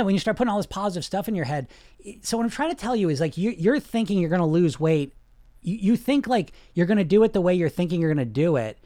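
A man's voice: dry recording, clean studio sound. A man who coaches weight loss through hypnosis, talking casually and emphatically, often checking in with "you know". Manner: emphatic, conversational, keeps asking "you know"; swings from loud and high to low and quiet. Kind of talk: casual motivational talk.

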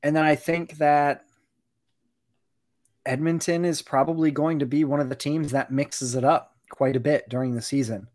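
A man co-hosting a casual sports podcast, talking through team analysis in a measured, analytical way and often saying "you know". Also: on the high side, fairly even intonation, darkish tone. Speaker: podcast co-host, hockey analyst.

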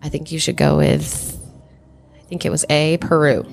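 Blunt low-voiced woman joking around. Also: lively intonation, normal speed, vocal fry, a little mellow, faint music behind. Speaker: podcast co-host. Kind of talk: casual quiz game chat.

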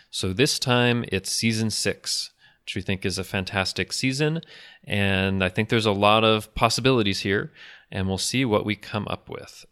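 A man hosting a podcast, casually leading the discussion in a measured way. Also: lowish voice, fairly bright tone, smooth. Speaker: podcast host.

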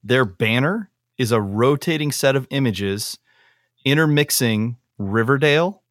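A man's voice: mid-range voice, animated, a little slow, a bit bright, no echo, clean studio sound. A man in a casual podcast chat, ranting in exasperation and swearing.

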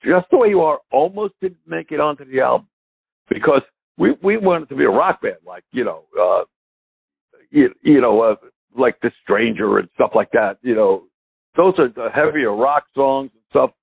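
Raspy older man on a phone line. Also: mid-range voice, moderate pace, dry recording. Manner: lively storyteller who chuckles often. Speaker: guest drummer. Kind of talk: animated anecdote telling. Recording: phone-like call audio.

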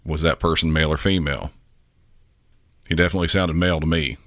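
A man from the Southern United States hosting a podcast, talking in a measured, instructive way and putting questions to the listener. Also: rumbling low, fairly even intonation, fairly bright tone, no room sound, clean studio sound. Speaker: podcast host.

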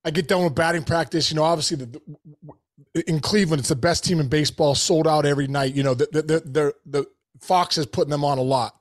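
A man hosting a podcast, telling a story casually in animated bursts, full of restarts and "bro" and "dude". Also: fairly high pitch, fast.

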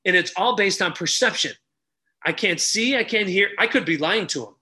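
A middle-aged man telling stories loudly on a podcast, acting out each character's lines as a relationship coach. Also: high voice, normal speed. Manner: animated, loud, acts out dialogue. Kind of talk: energetic storytelling in casual chat.

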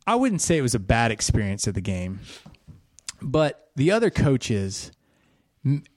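A man who coaches youth flag football, chatting casually as co-host in an earnest, halting way. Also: medium pitch, sing-song, darkish tone, no room sound, studio quality. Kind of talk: casual chat.

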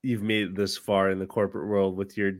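A man's voice: deep voice, fairly quick. Tired, laid-back man chatting. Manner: relaxed, teasing, laughs easily. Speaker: podcast co-host. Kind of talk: casual comedic chat.

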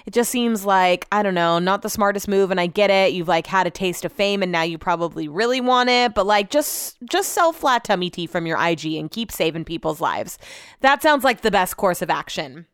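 A woman hosting a casual solo podcast, talking in an animated, chatty way and swearing freely. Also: medium pitch, moderate pace, clear, resonant tone, dry recording, studio quality. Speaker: podcast host.

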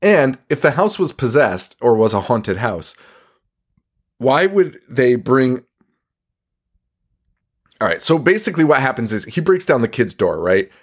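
A man's voice: medium pitch, very animated, measured pace, long pauses, slightly rough. A man hosting a podcast, recapping a movie in casual chat, swearing a lot, laughing often and rambling. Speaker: podcast host.

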